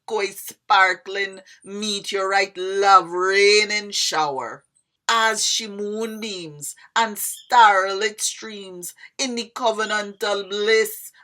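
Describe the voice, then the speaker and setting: A woman's voice: medium pitch, bright, forceful tone. A woman reciting her own poem in a lyrical, sing-song way, drifting into a Jamaican lilt and lingering on line endings.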